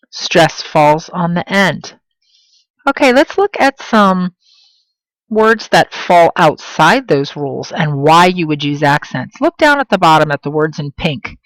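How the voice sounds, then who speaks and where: Woman, Spanish teacher, slightly low pitch, dry recording, careful emphatic pronunciation. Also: no room sound, low-quality recording. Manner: slow, emphatic pronunciation of example words. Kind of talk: classroom lesson.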